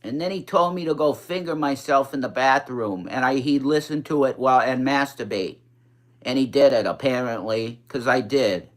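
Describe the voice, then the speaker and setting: This livestreaming drag performer, somewhere in their forties, talks in a medium-pitched voice with a New York accent and a slight speech impediment. The chatter is casual, meandering, and profane, occasionally taking on a childlike quality.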